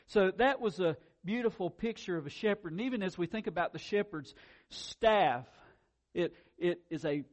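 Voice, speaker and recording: A man preaching with a slightly high voice, lively and emphatic, rising to loud peaks and then dropping to near-murmurs. He often repeats words as he gets excited. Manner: animated, swings between loud emphasis and quiet asides. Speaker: pastor. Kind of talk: sermon.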